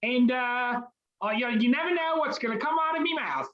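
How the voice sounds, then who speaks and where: A woman's voice: sits high, moderate pace, a bit bright, lo-fi sound. A woman voicing a cheerful, obliging male creature, with a put-on British accent that slips toward Australian, in an improv comedy scene. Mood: chummy. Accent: put-on British, drifting to Australian. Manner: chatty, drops casual fillers, playful.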